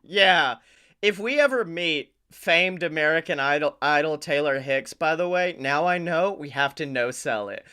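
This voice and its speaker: A young man co-hosting a podcast, telling a profane, animated story and acting out the dialogue. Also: a little high, normal speed, clear, resonant tone. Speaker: podcast co-host. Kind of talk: casual comedic chat.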